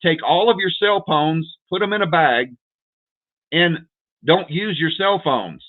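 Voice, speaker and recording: A man hosting a livestream, lecturing viewers in an urgent, repetitive way and calling them "folks" over and over. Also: on the high side. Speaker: prepper livestream host. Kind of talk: direct-to-viewer livestream rant. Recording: tinny phone-like audio.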